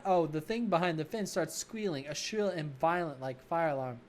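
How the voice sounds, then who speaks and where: A woman streamer reading a game's narration aloud in a dry, hushed way, with quick asides. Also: low voice.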